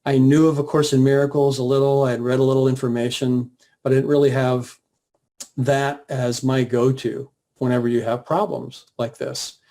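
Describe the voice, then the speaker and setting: A man guest earnestly recounting a personal story in a plain, steady way, with the odd filler. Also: medium pitch, normal speed. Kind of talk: personal testimony, casual storytelling.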